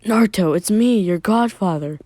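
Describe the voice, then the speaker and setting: A man's voice: high-pitched, normal speed, dark tone, voice pushed up. A man voicing an old white-haired male ninja who pleads with his godson. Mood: pleading.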